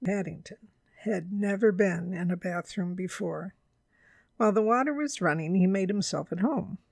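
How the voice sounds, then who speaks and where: Woman storyteller, gravelly, dry close sound, measured read-aloud. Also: mid-range voice, darkish tone, no echo.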